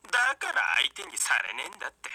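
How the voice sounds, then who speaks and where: An actor playing a hot-tempered, rough-talking young man with rabbit ears who snaps rudely at children. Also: mid-range voice, wildly swooping pitch, racing, bright, forceful tone, no room sound, exaggerated voice, low-quality recording. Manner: rough, snappish, rude.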